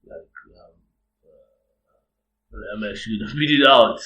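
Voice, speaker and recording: A man telling an animated, profane story as a vlogger, repeating phrases and breaking into laughter. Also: medium pitch, moderate pace. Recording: roomy echo.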